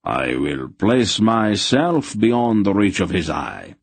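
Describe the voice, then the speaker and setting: A stiff, formal young knight as a man reads him delivers measured, old-fashioned lines in a low voice. The tone is husky and close, with a dry sound for an audiobook. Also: sing-song, dry recording, exaggerated voice. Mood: grave.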